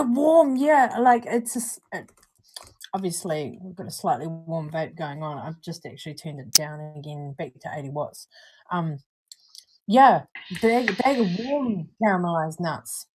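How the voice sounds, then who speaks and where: A woman's voice: lowish voice, lively intonation, slow pace, darkish tone, a little hiss or hum, low-quality recording. A young woman with a New Zealand accent, co-hosting a casual live-stream review in a chatty, easygoing way. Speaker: co-host reviewing vape juice.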